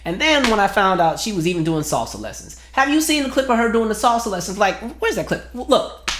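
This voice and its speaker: A man's voice: sits high, very animated, fairly quick, fairly bright tone, slight background noise. A man hosting a casual commentary video, talking in a sarcastic, incredulous way. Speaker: host. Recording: roomy echo.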